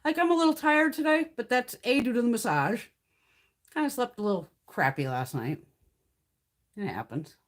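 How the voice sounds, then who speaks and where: A brash middle-aged woman hosting a casual livestream chat. Her voice sits a little high and swings widely as she vents, swearing freely and laughing between points. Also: normal speed, pauses often. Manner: blunt, profane, animated ranting with laughs. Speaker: beauty livestream host. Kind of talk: casual chat while reading live comments.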